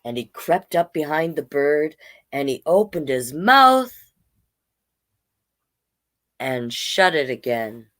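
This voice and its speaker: A drag king storyteller reading a children's picture book aloud at home, with playful asides and loud animal noises. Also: low voice, lively intonation, takes it slowly, pauses often.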